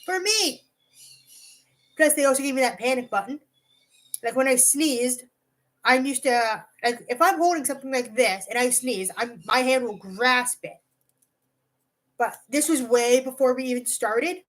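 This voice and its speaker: Recorded roughly, a woman whose voice sits high speaks unhurriedly with long gaps. She's a vlogger rambling through a profane storytime, leaning heavily on "like" and hopping between asides.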